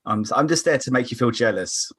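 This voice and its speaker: A man's voice: mid-range voice, expressive, fairly quick, a bit bright, breathy edge. A young man from England with a South London Croydon accent, a podcast guest chatting casually and laughing easily. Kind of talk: casual chat over a remote call.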